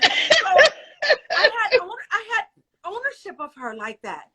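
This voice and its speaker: A woman with a high, bright voice talks in an animated, expressive way. She leans into her feelings as she chats. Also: normal speed. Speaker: host. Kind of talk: emotional casual chat.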